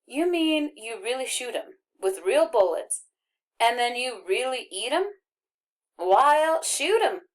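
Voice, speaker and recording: A woman's voice: on the high side, sing-song, pitched above the performer's own voice. Woman doing a chatty Arkansas country boy. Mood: boastful. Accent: rural Arkansas. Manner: folksy drawl, jabbering fast and eager. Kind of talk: audiobook reading.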